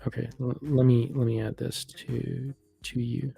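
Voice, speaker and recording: A man hosting a live online reading, talking casually with warm affirmations and many restarts. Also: medium pitch, level tone, a little slow, gravelly, husky, soft background music. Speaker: psychic reader hosting a live event.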